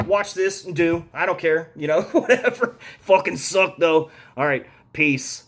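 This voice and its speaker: High-voiced man ranting about a movie. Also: lively intonation, a little slow, few pauses, a bit bright. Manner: profane, rambling, exasperated. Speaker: movie reviewer. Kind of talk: casual movie review rant.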